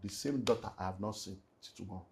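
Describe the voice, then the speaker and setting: A middle-aged Nigerian man, a pastor, telling an earnest, animated personal story in an interview and slipping into Pidgin. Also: fairly low pitch, fast talker, vocal fry, noisy background. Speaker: pastor and relationship speaker.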